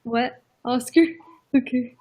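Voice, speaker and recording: A young woman chatting casually on a livestream with a friend, giggling and reading name definitions aloud in an animated way. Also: fairly high pitch, slow pace, muffled recording, crowd noise.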